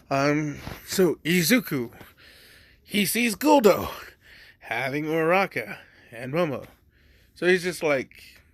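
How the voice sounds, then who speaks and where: A man's voice: medium pitch, no echo. A man telling a fan-made story in a rambling, casual way, full of fillers and swearing.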